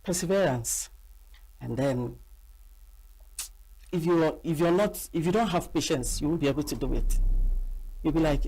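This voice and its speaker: A middle-aged Nigerian woman, an actress, chatting in an interview and telling animated stories with acted-out quotes. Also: sits low, moderate pace, pauses often, husky. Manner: animated storyteller acting out quoted voices. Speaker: actress and guest. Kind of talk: casual interview chat.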